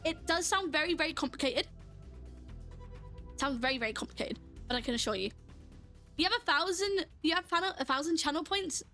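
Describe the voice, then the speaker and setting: A woman's voice: sits high, a little fast, long pauses, sharp tone, faint music behind. A woman streamer chatting casually while playing a game, laughing often and answering her chat as she goes.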